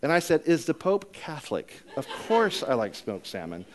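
Speaking at normal speed, a preacher shares a personal story in a chatty sermon, poking fun at himself along the way. His voice rises loud and high when things get exciting, then drops quiet and low for reflection.

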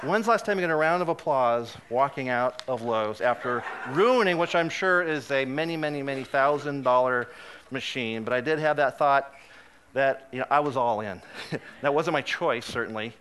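A man preaching a sermon, telling a funny personal story with lively, self-deprecating humor and frequent laughs. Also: mid-range voice, moderate pace, slight background noise. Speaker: guest preacher.

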